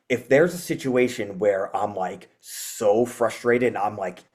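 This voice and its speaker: A man, a guest musician, chatting casually in an interview, rambling with lots of fillers and animated retellings. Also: lowish voice, moderate pace, few pauses.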